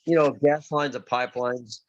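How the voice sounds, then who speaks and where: Man, casual chat, rambling, halting, lots of fillers, mid pitch, dull lo-fi recording. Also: steady tone. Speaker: union pipefitter guest. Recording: slightly dull lo-fi sound.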